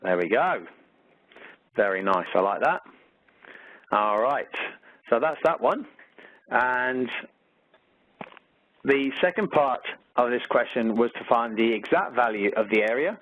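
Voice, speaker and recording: A man's voice: mid-range voice, lively intonation, a little slow, long pauses, no echo. A man with an Australian accent, a maths teacher walking through exam questions in a chatty way with lots of fillers. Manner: chatty, many fillers, upbeat about the material. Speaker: maths teacher presenting a webinar. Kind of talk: conversational teaching walkthrough. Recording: tinny phone-like webinar audio, dry.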